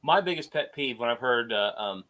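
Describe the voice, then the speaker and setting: A man hosting a podcast, chatting casually and telling stories with animated emphasis. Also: mid-range voice, normal speed. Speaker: podcast host. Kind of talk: casual conversation.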